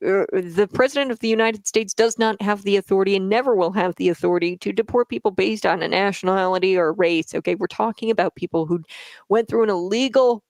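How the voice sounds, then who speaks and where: A woman's voice: mid-range voice, quick pace, a little mellow, no echo. A woman hosting political news commentary, emphatic and mocking, who laughs scornfully and keeps asking "okay?" to press her points.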